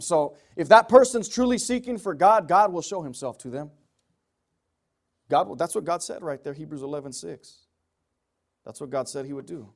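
Male preacher, high-pitched, emphatic delivery with big swings in volume. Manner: emphatic, swinging from loud pleading to low quiet asides. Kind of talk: sermon.

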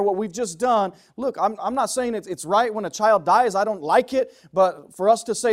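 A man preaching a sermon, emphatic, swinging from loud pleading passages to low quiet asides. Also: brisk, hardly any pauses.

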